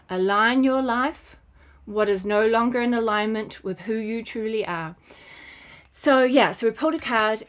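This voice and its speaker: Slow-talking New Zealand woman, dreamy. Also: on the high side. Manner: rambling, dreamy, many fillers and trailing phrases. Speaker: spiritual consciousness guide. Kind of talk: casual spiritual vlog talk.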